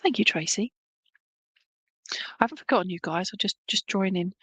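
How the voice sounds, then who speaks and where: A woman's voice: mid-range voice, moderate pace, slightly rough, no echo. A woman working as a medium, giving a chatty, reassuring clairvoyant reading at a church service and often checking in with her listeners.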